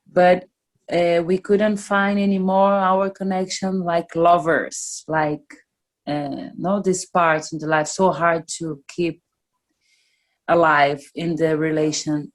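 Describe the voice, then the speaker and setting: Slow, halting woman. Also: lowish voice. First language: Portuguese. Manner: searching for English words, halting and frank. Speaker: musician interviewee. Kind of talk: casual interview.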